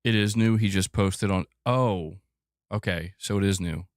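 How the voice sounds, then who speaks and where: Male gaming news host, casual and self-mocking, lower voice, dry close mic. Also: normal speed, no room sound. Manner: joking, self-mocking, laughs often.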